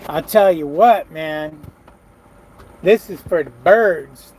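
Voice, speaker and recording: A man's voice: a little high, slow, a little mellow, slight background noise, rough recording. A truck driver talking casually to his vlog camera from his truck cab, weary and grumbling, sighing often. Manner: weary, grumbling, frequent sighs.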